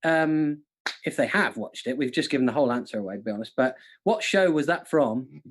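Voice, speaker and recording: A comedian co-hosting a quiz who talks in a playful, jokey way and slips into silly voices. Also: male voice, medium pitch, animated, a little fast. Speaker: comedian co-host.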